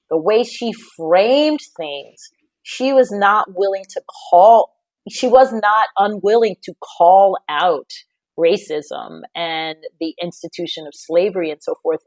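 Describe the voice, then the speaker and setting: Woman, lowish voice, animated storyteller, podcast chat, dry close sound. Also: dry recording. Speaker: podcast speaker. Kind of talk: podcast conversation.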